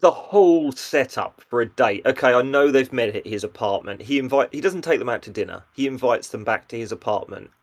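A man's voice: medium pitch, animated, brisk, hardly any pauses. A man co-hosts a podcast and talks with a mid-range voice. He retells scenes animatedly and quotes lines with energy. It is a loose, casual chat. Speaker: podcast co-host.

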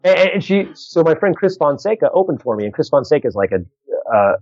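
A man's voice: mid-range voice, expressive, quick pace, a little mellow, slightly rough, dry recording, highs cut off. A man who does stand-up comedy, chatting casually and telling a story with lots of restarts and voiced quotes.

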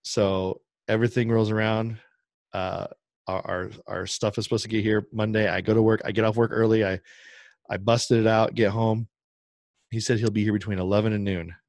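A man with a lowish voice tells a story on a casual podcast. He keeps it chatty and animated and acts out the quoted voices. The sound is dry and close. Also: moderate pace, dry recording. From Midwest US. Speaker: podcast host.

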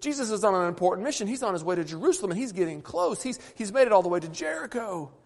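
A man with a high voice preaches a sermon in an earnest way, often stumbling and repeating words as he builds his points. His voice rings out with a long reverb through a church sanctuary. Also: expressive, very fast.

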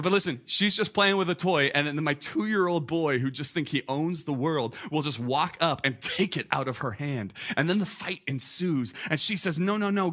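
Animated man preaching a casual sermon. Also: on the high side. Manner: conversational, animated, peppered with "like" and "listen". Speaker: pastor.

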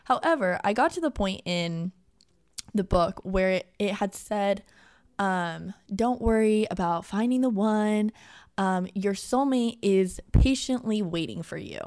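A young woman co-hosting a podcast, telling a story in animated casual chat with many filler words. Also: mid-range voice, a little slow, clear, resonant tone. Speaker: podcast co-host.

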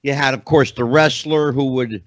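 A man hosting a podcast, chatting in an animated way with many asides. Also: medium pitch, moderate pace, dry recording. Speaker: podcast host. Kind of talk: casual interview chat.

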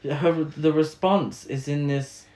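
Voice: medium pitch, slow, a little mellow. A podcast co-host recapping a film in casual chat, sarcastic and laughing. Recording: echoey room.

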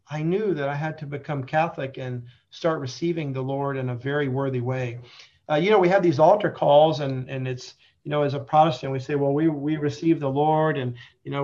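Earnest man, high-pitched and emphatic. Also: a little mellow. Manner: earnest, emphatic, drawn-out stresses on key phrases. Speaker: guest, Catholic convert. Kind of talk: conversational religious testimony and explanation. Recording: dull lo-fi sound.

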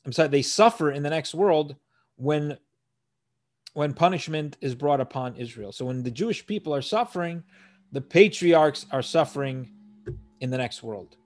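A man's voice: fairly high pitch, a little mellow. A man teaching a verse-by-verse scripture lesson, reading Hebrew phrases and translating them one by one in an earnest, explanatory way. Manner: earnest, explanatory, with frequent restarts. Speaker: Torah teacher.

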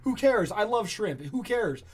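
A man's voice: sits high, lively intonation, unhurried, husky. A man in casual chat as a podcast co-host, emphatic and indignant, swearing freely.

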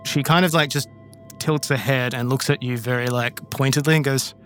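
A man narrating as game master, describing the scene with a few ums along the way. His pitch sits in the middle range, and faint music runs behind him. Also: steady tone, moderate pace, a bit bright. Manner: descriptive, with fillers.

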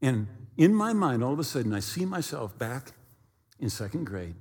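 A male pastor preaching a sermon as an animated storyteller, acting out sounds and dialogue from his story. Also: mid-range voice, moderate pace, husky, in a large hall.

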